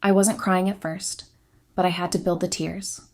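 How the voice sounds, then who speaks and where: A woman reading a scripted first-person confession in a quiet, subdued, steady way. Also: on the low side, moderate pace, a little hiss or hum. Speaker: story narrator.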